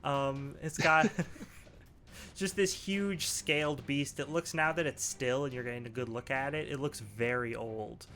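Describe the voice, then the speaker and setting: A man narrating a tabletop game as game master, relaxed and laughing, with many fillers. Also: mid-range voice, unhurried, slight background noise. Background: faint background music.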